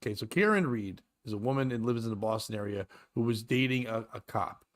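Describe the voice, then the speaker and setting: A man in his thirties hosts a podcast of casual comedy chat, talking loosely, joking, and often swearing and laughing. He has a mid-range voice and talks fast.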